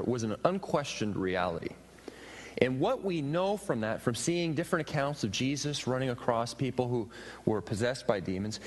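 Expressive male preacher in a reverberant hall. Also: mid-range voice. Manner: expressive preaching with rising emphatic questions. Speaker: pastor. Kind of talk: sermon. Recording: reverberant hall with faint ambient noise.

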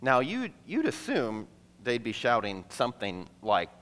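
A man preaching a sermon to a congregation, conversational and playful, acting out quick asides between the teaching. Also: mid-range voice, wildly swooping pitch, a bit bright. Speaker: pastor. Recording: long hall reverb.

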